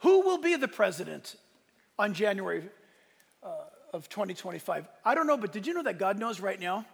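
Pastor guy preaching hard, gravelly voice, big echoey church sound. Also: high-pitched, big pitch swings, fairly quick. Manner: impassioned preaching, rising and falling in force. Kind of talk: sermon. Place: church sanctuary. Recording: long reverb of a large hall.

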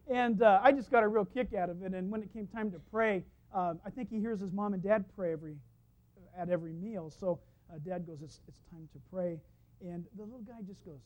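Lively storytelling pastor, man. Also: high-pitched, quick pace. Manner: storytelling, lively, laughs at his own stories. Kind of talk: sermon. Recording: dull lo-fi sound.

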